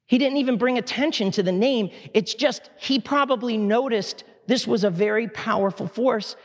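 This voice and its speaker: A man preaching a sermon in a church, impassioned but conversational, with quick asides to the congregation. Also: extremely high pitch. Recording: long hall reverb.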